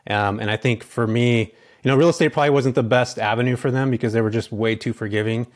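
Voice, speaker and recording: This man's voice is medium in pitch and steady in tone. A real estate investor from California, he chats casually as an interview guest, telling stories quickly and packing them with filler words.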